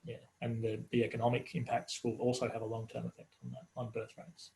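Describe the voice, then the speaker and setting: A man's voice: mid-range voice, completely flat delivery, fairly quick, vocal fry, a little mellow, poor audio. A man giving a hesitant, filler-heavy answer as a panel speaker in a webinar. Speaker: panel speaker on population data.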